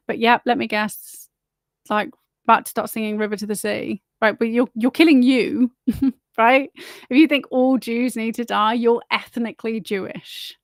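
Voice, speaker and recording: A woman's voice: a little high, fairly even intonation, normal speed, vocal fry, dry recording, studio quality. A woman hosting her own livestream, rambling in a blunt, opinionated way and swearing freely. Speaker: livestream host. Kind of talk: casual opinionated monologue.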